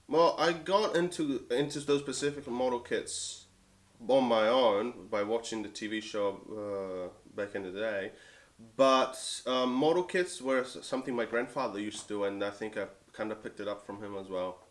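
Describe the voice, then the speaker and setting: A man from Italy talking in a casual interview as a collector, relaxed and easily amused, speaking in loose, halting phrases. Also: mid-range voice.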